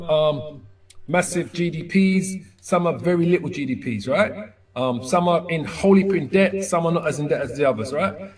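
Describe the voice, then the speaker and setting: In a fairly high-pitched voice, a man leads a casual Bible word study. He halts and corrects himself while repeating Hebrew sounds, and sometimes laughs at his own pronunciation.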